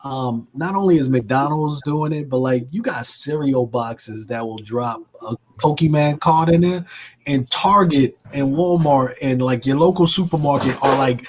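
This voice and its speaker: A man hosting a casual chat, excitable and full of "yo" asides. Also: mid-range voice, unhurried. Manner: excitable, peppers talk with "yo".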